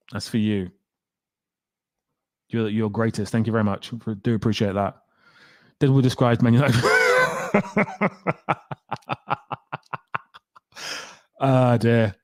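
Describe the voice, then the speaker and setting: A man's voice: mid-range voice, warm tone, no room sound, clean studio sound. A young man chatting casually on a live stream, reading out and reacting to viewers' comments with wry humor.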